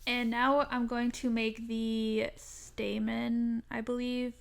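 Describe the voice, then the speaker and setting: A woman's voice: on the high side, level tone, slow, vocal fry. A young woman hosting a craft tutorial, talking through each step in a chatty, self-deprecating voice-over.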